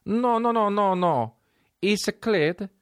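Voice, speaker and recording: A man putting on an earnest, passionate Italian man with a high, eager voice and an Italian accent. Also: lively intonation, slow pace, smooth, dry recording, studio quality. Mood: pleading.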